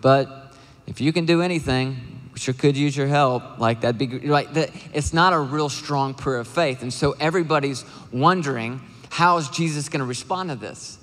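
A man preaching a sermon as a pastor, talking in an earnest, conversational way with quick asides and fillers. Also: medium pitch. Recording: long hall reverb.

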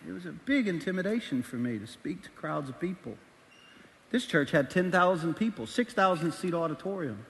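A middle-aged man preaching a sermon as a pastor, telling a personal story candidly and acting out the voices in quick bursts. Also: a little high, animated, creaky, a bit bright. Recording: large hall reverb.

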